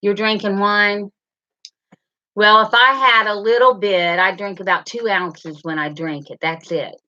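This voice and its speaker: A middle-aged woman hosts a casual live chat, rambling between viewers' comments. Her voice is bright and her pace is unhurried. The sound is a little dull and lo-fi. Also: mid-range voice, fairly even intonation. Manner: chatty, rambling, addresses viewers by name. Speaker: livestream host.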